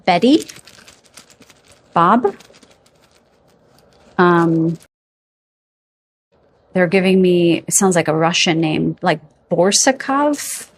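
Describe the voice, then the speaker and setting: A woman giving a pick-a-card psychic reading to camera, feeling her way through names with hesitations and gently reassuring her viewers. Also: lowish voice, creaky. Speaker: tarot card reader.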